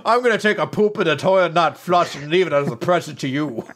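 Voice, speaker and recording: A man putting on the voice of a crude, brash young male manga character, talking in a loud, cocky, taunting way. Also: on the high side, lively intonation, quick pace, a little hiss or hum, voice pushed up.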